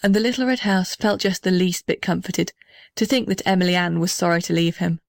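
A woman narrating a children's storybook in a clear, measured storytelling manner. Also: on the low side, no room sound, clean studio sound. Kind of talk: storybook reading.

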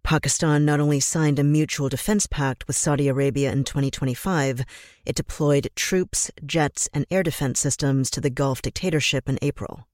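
A man delivering scripted political commentary in a measured, grave and emphatic way. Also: a little high, fairly even intonation, a little mellow, dry recording, studio quality.

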